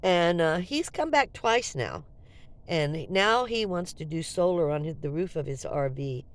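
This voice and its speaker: Give me an animated woman in her seventies telling a story casually, with lively, swooping pitch. She has a cold and acts out both sides of each conversation. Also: unhurried. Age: 70s. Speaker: vlogger.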